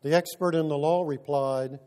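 A man preaching a sermon, telling a story in an earnest, measured way with pauses. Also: fairly high pitch, steady tone, darkish tone.

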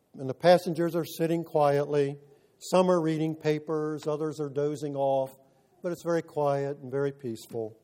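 A man preaching a sermon, telling a story in an earnest, measured way with pauses. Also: fairly high pitch, warm tone.

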